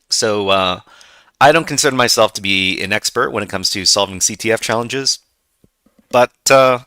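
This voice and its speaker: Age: unknown. Sex: man. Role: host of a casual hacking livestream. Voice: low, bright and forceful, dry close sound. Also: dry recording. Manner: loose, conversational and self-deprecating.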